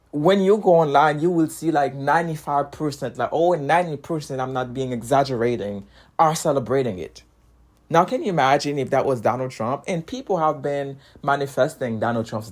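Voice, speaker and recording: A man, an immigrant with a foreign accent, giving a heated casual opinion monologue. He repeats himself often and breaks into short laughs between points. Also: medium pitch. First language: not English. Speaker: commentator.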